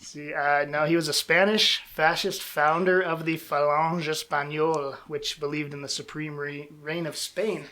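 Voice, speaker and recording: A man hosting a casual podcast quiz game, reading names out slowly and joking between answers. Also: fairly high pitch, flat delivery, sharp tone.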